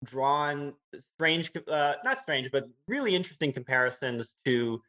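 A man hosting a casual podcast interview, eager and excitable, often restarting his sentences. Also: fairly high pitch, measured pace. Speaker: podcast host. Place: Hawaii.

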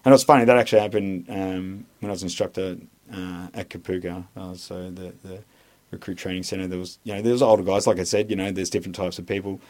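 Talking fast in a low, darkish register, this Australian ex-army instructor spins loose, rambling stories as a podcast interview guest. His intonation stays fairly even. Profanity comes easily, he backtracks through "um"s and false starts, and his opinions are blunt.

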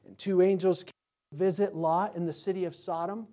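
A man pastor preaching a sermon emphatically, asking rhetorical questions and swinging between loud and quiet delivery. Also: sits high, steady tone, fairly quick.

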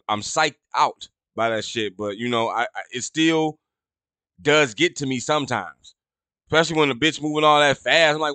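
Profane ranting man, bright and dry. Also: no echo. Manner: profane, rambling, gets loud and high when indignant. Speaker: podcast host. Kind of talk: casual storytelling rant.

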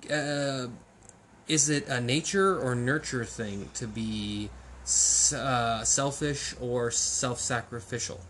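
A man's voice: mid-range voice, slow pace, a bit bright, slight background noise. A man chatting casually as a podcast co-host, telling digressive stories with lots of fillers. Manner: rambling, digressive storytelling with many fillers. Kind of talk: casual conversational chat.

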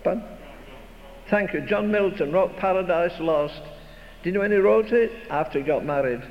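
A man's voice: high-pitched, moderate pace. Older man preaching in an echoing hall. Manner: emphatic, rhetorical preaching with repeated phrases. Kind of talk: sermon. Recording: dull recording in a reverberant hall, faint noise.

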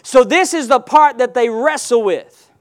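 A man's voice: extremely high pitch, lively intonation, measured pace, clean tone. A male pastor preaching a sermon, firing rhetorical questions and call-and-response prompts at his congregation.

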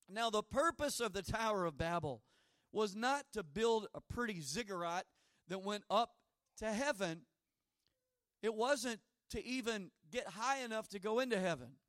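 A man's voice: sits high, no room sound, clean studio sound. A middle-aged man preaching a sermon, telling personal stories and acting out the dialogue in them. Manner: storytelling, acts out dialogue, animated asides.

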